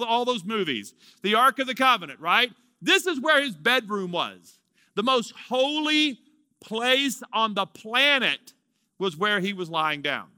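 A man's voice: extremely high pitch, sharp tone, dry recording, clean studio sound. A man in his fifties preaching a sermon, dramatically drawing out key words and acting out the lines of the story. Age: 50s. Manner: emphatic preaching, draws out key words, acts out dialogue. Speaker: pastor.

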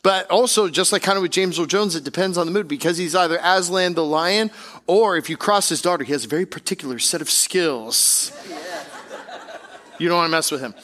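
Bright, high-voiced energetic male preacher. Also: brisk. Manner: energetic, joking, conversational preaching. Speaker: pastor. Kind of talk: sermon. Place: church service.

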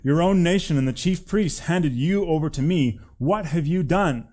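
A man's voice: on the high side, moderate pace, warm tone, voice pushed up, natural voice. A man reading the part of a stern Roman governor, questioning and insistent.

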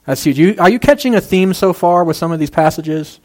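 A man's voice: on the high side, animated, fairly quick, a little mellow. A man preaching a casual, conversational sermon, making jokey asides and using plenty of fillers. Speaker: pastor.

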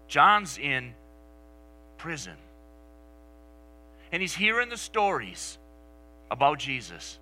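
A male pastor preaching a sermon, telling the story with animation and dropping to soft, near-whispered lines for emphasis. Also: medium pitch, slight background noise, low-quality recording.

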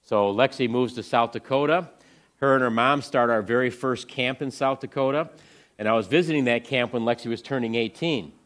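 A man giving an inspirational talk to a church audience, storytelling earnestly and swinging from hushed lines to excited ones. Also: mid-range voice, a little fast. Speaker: ministry speaker presenting to a church audience.

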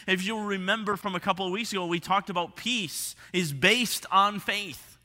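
A man preaching with a high, very bright voice that rings out in a hall with a long reverb tail. He moves from lively, emphatic lines down to hushed, low passages as he presses his point. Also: a little slow. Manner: expressive preaching, drops to hushed tones for emphasis. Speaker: pastor. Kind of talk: sermon.

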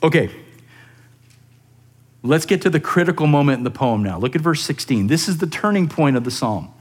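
A man preaching a sermon on a psalm, earnest and rising into animated emphasis, often repeating words as he goes. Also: on the high side, normal speed. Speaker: pastor.

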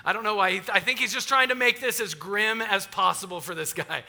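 A man preaching a sermon in a very bright, forceful voice that sits a little high. He retells the story in a lively, conversational way and turns aside to talk directly to the congregation. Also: brisk, gravelly, few pauses. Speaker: pastor.

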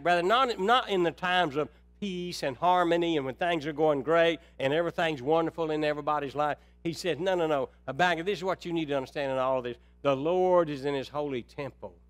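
A man preaching a sermon, calling his listeners brethren, shifting from quiet, low stretches to loud, high, urgent passages. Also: a little fast, no room sound. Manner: swings from soft and low to loud and high when stirred.

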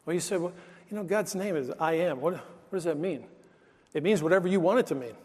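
A man's voice: on the high side, animated, fairly quick, a little mellow, slightly rough, in a large hall. A male pastor preaching a sermon, telling stories in an emphatic, conversational way.

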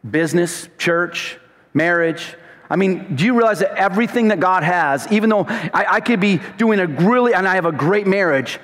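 High-voiced preacher man in a reverberant hall. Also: expressive, normal speed. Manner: emphatic, rising to shouts then dropping low. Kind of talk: sermon.

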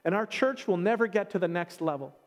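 High-voiced preacher in a reverberant hall. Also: male voice, a little fast. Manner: earnest, emotional storytelling with repeated restarts. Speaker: pastor. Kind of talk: sermon with storytelling.

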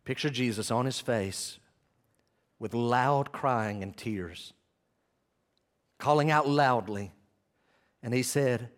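A man preaching a sermon as pastor, swinging from loud impassioned passages to soft hushed ones, with self-deprecating asides as he reads from his notes. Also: medium pitch, slow, pauses often.

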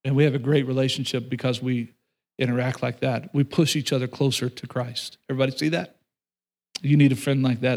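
A middle-aged man preaching a sermon, telling a personal story with animated delivery and speaking directly to his congregation. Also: mid-range voice, creaky. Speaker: pastor.

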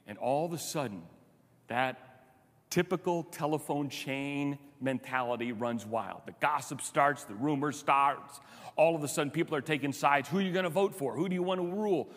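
A man preaching a sermon in a conversational, animated way, asking rhetorical questions. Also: on the high side, moderate pace. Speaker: pastor. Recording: long hall reverb.

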